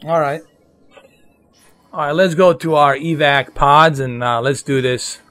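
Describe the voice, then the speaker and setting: A man's voice: fairly high pitch, fairly even intonation, a little slow, a bit bright. A man with a New York accent giving casual live commentary on a game to his viewers. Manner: casual, chatty, addresses viewers. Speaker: streamer.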